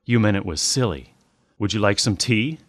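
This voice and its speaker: A man voicing a hunched, spiteful old witch woman who grumbles and snaps in a hoarse voice. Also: fairly low pitch, lively intonation, moderate pace, no echo, clean studio sound. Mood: snappish. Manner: grumbling, snappish.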